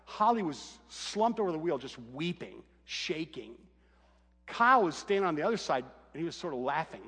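A man's voice: a little high, normal speed, husky, big-room sound. A middle-aged man, a pastor, telling a humorous family story in a sermon, acting out the voices. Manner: animated, humorous anecdote with acted quotes.

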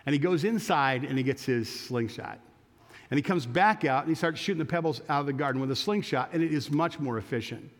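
Pastor telling a story in a reverberant church. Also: male voice, medium pitch, a little fast. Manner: animated storyteller with restarts. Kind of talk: sermon storytelling. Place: church sanctuary.

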